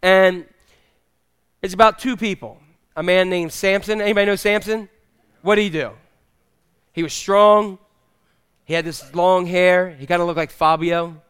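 A man's voice: high-pitched, steady tone, unhurried, pauses often, a bit bright, clear, resonant tone. A man preaching a sermon in a humorous, conversational way, teasing the congregation. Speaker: pastor.

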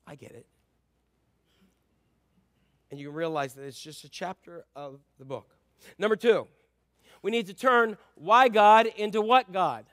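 Man, pastor preaching, high voice, dry close sound, soft asides then loud emphatic bursts. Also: no echo. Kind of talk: sermon.

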